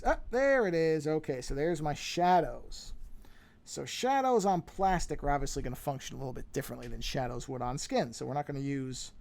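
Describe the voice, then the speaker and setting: A man's voice: medium pitch, gravelly, darkish tone. A man chatting casually while drawing on a live stream, rambling and self-deprecating as he talks himself through his work on a podcasting microphone.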